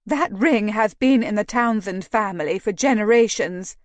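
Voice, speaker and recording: Woman reading a snappish, indignant matron from a storybook; haughty and slow. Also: medium pitch, dry recording, natural voice. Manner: snappish, huffy.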